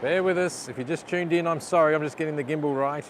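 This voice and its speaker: A man's voice: a little high, fast. A man, live-streaming by the sea while struggling with his camera gear, frustrated and swearing often at it while apologizing to viewers. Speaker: vlogger. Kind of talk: live vlog while fixing a camera gimbal. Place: outdoors by the sea. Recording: outdoor noise with passing vehicles.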